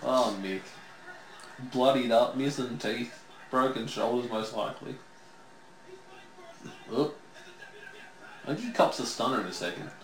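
An Australian man co-hosting a casual wrestling watch-along, reacting in an animated, excitable way. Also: medium pitch, unhurried, pauses often, reverberant, a little hiss or hum, poor audio. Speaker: podcast co-host.

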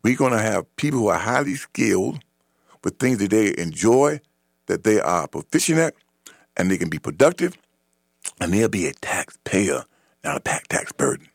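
Emphatic gravelly radio host. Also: male voice, on the low side, big pitch swings, normal speed, no echo, studio quality. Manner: emphatic, repetitive, preachy. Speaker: radio talk show host. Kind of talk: opinionated radio monologue.

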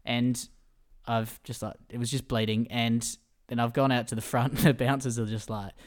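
A man's voice: mid-range voice, flat delivery, normal speed. A young man co-hosting a podcast, telling stories in a chatty way and laughing often. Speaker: podcast co-host. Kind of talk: casual podcast chat.

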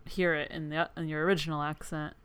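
A woman with a somewhat low voice chats casually as a podcast co-host. She laughs often and hedges her thoughts with little asides. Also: little pitch movement, quick pace, a bit bright, clear, resonant tone. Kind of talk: casual chat.

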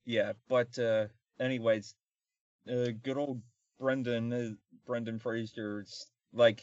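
A man's voice: mid-range voice, level tone, slow pace, no room sound. Podcast co-host, male, sarcastic and rambling, lo-fi dry recording. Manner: rambling, sarcastic, many fillers. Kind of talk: casual comedic film review chat.

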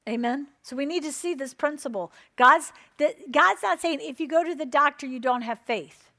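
Woman preacher mid-sermon, fairly high voice, driving points home with repeated phrases and calls for "Amen". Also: normal speed, sharp tone. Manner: emphatic, repeats phrases and asks the crowd "Amen?".

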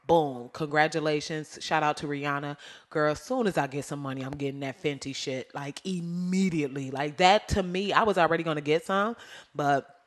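A woman's voice: deep voice, normal speed. A woman hosting her own podcast, ranting in a casual, slangy way, laughing often and going off on tangents. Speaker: podcast host. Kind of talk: casual solo podcast rant.

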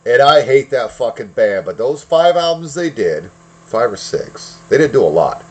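A man's voice: mid-range voice, sing-song, moderate pace, breathy edge. A man co-hosting a podcast in casual chat, emphatic and enthusiastic. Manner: enthusiastic, emphatic fan talk. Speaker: podcast co-host.

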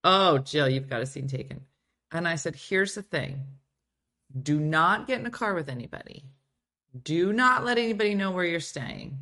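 A woman's voice: lowish voice, animated, normal speed, sharp tone. A middle-aged woman hosting a casual show, chatting and giggling as she reads viewer comments aloud. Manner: giggly, chatty, breaks into playful put-on voices. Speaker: show host. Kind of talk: casual live chat reading viewer comments.

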